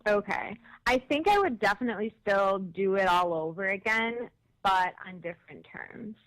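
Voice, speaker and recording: A woman's voice: mid-range voice, lively intonation, normal speed, fairly bright tone, low-quality recording. A woman interview guest talking candidly about her experience on a reality show, in casual storytelling.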